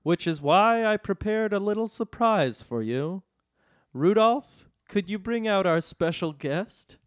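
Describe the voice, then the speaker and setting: Stern booming Santa Claus, read by a man in a comedy story; slow, commanding, dry close sound. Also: animated, dry recording. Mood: menacing.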